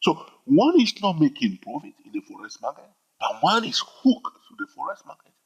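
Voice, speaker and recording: Man, trading educator, husky, animated pitch, emphatic, repetitive, dull lo-fi audio. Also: moderate pace. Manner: emphatic, repetitive, peppered with "all right?". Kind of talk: informal teaching monologue. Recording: dull lo-fi recording.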